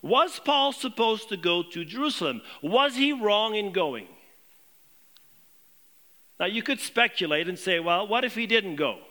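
A man preaching a sermon to his congregation, posing questions and dropping low and quiet on key points. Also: animated, unhurried. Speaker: pastor.

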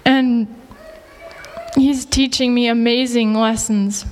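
Emotional woman giving a halting testimony. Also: on the high side, fairly even intonation, a little mellow, long reverb tail, slight background noise, poor audio. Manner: halting, tearful, with many pauses and fillers. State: emotional, near tears. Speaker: church member sharing a testimony.

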